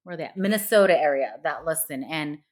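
Middle-aged woman co-host, blunt teasing mom, lowish voice. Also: animated, brisk. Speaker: podcast co-host, mother. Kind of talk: casual chat.

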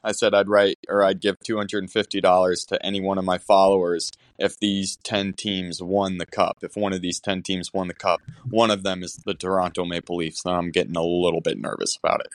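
A man with a deep voice telling meandering stories on a podcast and often making fun of himself. The sound is dry and close to the mic. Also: little pitch movement, brisk, hardly any pauses, no room sound. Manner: rambling, self-mocking storytelling. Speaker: podcast guest. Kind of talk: casual chat.

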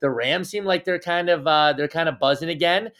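A man's voice: a little high, fairly quick, fairly bright tone. A man co-hosting a casual sports podcast, teasing and joking as he talks. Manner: playful, teasing, jokey. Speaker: podcast co-host.

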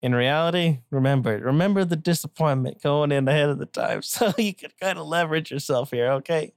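A woman with a low, dry voice improvising a comic story in a rambling, giggly, self-mocking way. She chats straight to the listener, recorded close with no room sound. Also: brisk, no echo.

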